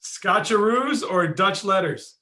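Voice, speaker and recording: Bright-voiced friendly podcast host. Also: male voice, high voice, lively intonation, slow. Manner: friendly, laughs often. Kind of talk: casual podcast interview.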